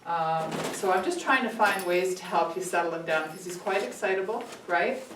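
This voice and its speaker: A woman puppy trainer calmly explaining training exercises to owners. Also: lowish voice, moderate pace. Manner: calm, steady instructive tone. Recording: echoey room, distant mic, faint noise.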